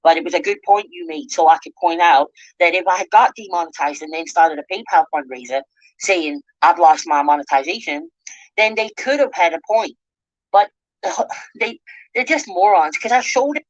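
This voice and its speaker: A woman's voice: fairly low pitch, moderate pace, no room sound. A Scottish woman hosting an angry commentary rant, swearing and combative. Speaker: channel host. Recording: dull lo-fi dry audio.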